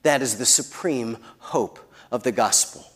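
A man preaching a sermon who builds to emphatic peaks and then drops very soft. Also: medium pitch, a little slow. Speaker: pastor.

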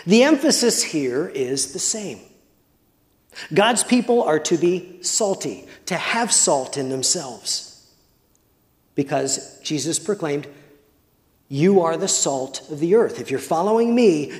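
A man preaching a sermon as pastor, measured and deliberate, sometimes putting questions to the congregation. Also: a little high, lively intonation. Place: church. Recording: long hall reverb.

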